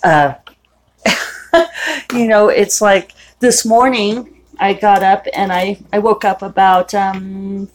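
A middle-aged woman hosts a podcast, rambling casually and laughing at herself often as she moves from her kitchen to outdoors. Her voice is medium-pitched and a little mellow, with slight background noise.

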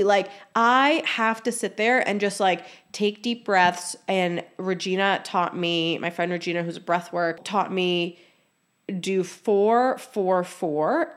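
A woman in her thirties hosting a podcast, talking casually and openly, full of "like" fillers and acted-out quotes. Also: lowish voice. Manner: chatty, many "like" fillers, acts out quoted voices. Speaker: podcast host. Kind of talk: casual solo podcast talk.

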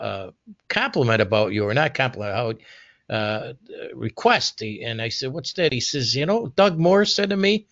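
A man's voice: mid-range voice, a bit bright, dry recording. A man reminiscing casually in a group conversation, rambling through anecdotes with many restarts and quoted dialogue. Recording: dull lo-fi recording.

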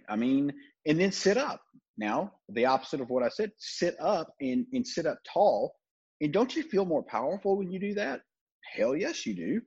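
A man's voice: medium pitch, darkish tone, slightly rough, muffled recording. A man hosting a podcast, giving blunt, profane sales coaching in a casual talk. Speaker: podcast host.

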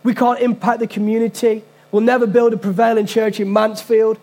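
A man's voice: high-pitched, little pitch movement, brisk, warm tone. A man preaching a sermon as pastor, earnest and conversational, with casual asides to the congregation.

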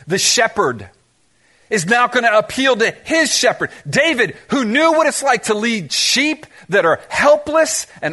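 Preaching with a bright, forceful tone, this pastor's voice sits high. He throws rhetorical questions at his congregation and slips in bits of humor along the way.

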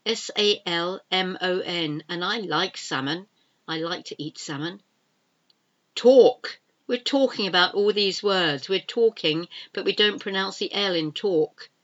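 Lady teaching pronunciation, deep voice, spells every word out letter by letter, kinda muffled lo-fi sound. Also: a little slow, fairly bright tone. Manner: spells words out letter by letter and repeats them. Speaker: English teacher. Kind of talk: pronunciation lesson.

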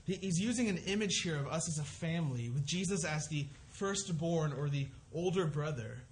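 A man's voice: on the high side, expressive, normal speed, slight background noise. A man preaching a sermon, earnest and conversational, often restarting his sentences as he works through a scripture passage. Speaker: pastor.

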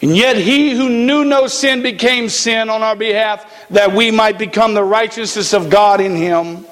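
A man preaching a sermon in a church, slow and emphatic with dramatic pauses. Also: high voice, steady tone, a bit bright, in a large hall. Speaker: pastor.

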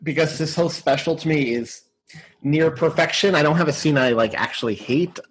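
A man co-hosting a podcast in casual chat, enthusiastic and talking in quick bursts. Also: fairly high pitch, slight background noise, low-quality recording. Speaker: podcast co-host.

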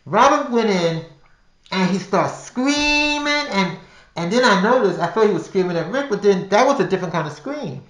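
A man's voice: high voice, expressive, normal speed, a bit bright. An older man telling a personal story casually, rambling with restarts and repeated words. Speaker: podcast storyteller. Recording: roomy echo.

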